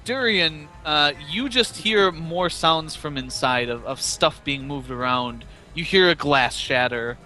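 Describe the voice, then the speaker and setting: This game master speaks a little slowly with few pauses, his fairly high voice pushed and bright. He casually narrates scenes and rulings for a voice-chat tabletop game, leaning on fillers, while faint music plays in the background.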